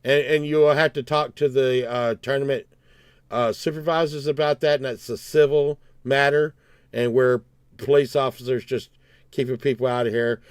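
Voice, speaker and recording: A man's voice: mid-range voice, steady tone, moderate pace, clear, resonant tone, dry recording, studio quality. A man, telling a rambling, profane story on his livestream and acting out both sides of the argument.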